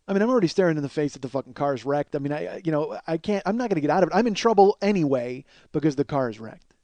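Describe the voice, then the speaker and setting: A man's voice: fairly high pitch, huge pitch swings, fairly quick, darkish tone, no room sound. A man in his forties hosting a comedy podcast, telling a rambling, profane, self-deprecating story. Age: 40s. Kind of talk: storytelling monologue.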